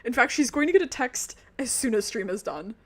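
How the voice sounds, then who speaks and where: A woman's voice: on the high side, expressive, fairly quick. A woman streaming a video game, chatting casually and emotionally about the story with many ums and asides. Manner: gushing, emotional fan with lots of ums. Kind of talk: casual game commentary and reading dialogue aloud.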